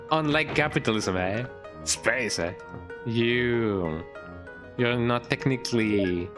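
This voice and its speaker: A man streaming a game with casual, playful commentary. He repeats words in a goofy sing-song and often ends sentences with "eh?". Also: mid-range voice. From Mexico. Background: game music.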